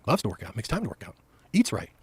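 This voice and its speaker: A man's voice: lowish voice, wildly swooping pitch, fast talker, breathy edge, no echo. A middle-aged man telling stories animatedly and emphatically as a podcast guest on a studio mic. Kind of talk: storytelling conversation.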